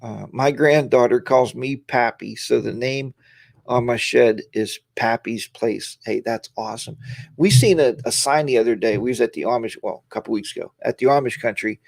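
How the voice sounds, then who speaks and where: Tired middle-aged guy chatting on his live stream, gravelly voice, dry close sound, greets folks one by one. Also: medium pitch, moderate pace, dry recording. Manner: rambling, greets viewers by name. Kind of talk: casual live-stream chat.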